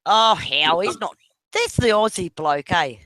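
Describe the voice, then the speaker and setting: A woman's voice: lowish voice, animated, unhurried, a bit bright, no echo. A woman with a New Zealand accent rambling through a casual voice chat. She swears freely and laughs often, her voice swooping up and down as she unhurriedly drifts from story to story. The sound is close and dry.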